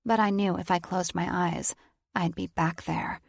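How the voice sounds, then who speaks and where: A woman reads a first-person audiobook in a low voice with a gravelly fry. The delivery is plain and even, and the recording is dry and close. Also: measured pace, dry recording. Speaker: audiobook narrator.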